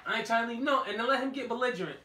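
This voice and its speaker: A man co-hosting a casual boxing podcast, talking loud and profane, teasing and laughing a lot. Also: very high voice, rapid-fire, far from the mic. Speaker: podcast co-host. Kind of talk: casual banter about boxing. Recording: roomy sound from away from the mic.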